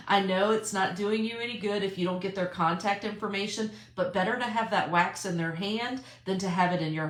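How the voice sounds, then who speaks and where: A woman's voice: fairly low pitch, roomy sound. A woman talking casually and emphatically to her sales team in a live video from her car, repeating her key points. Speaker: direct sales team leader.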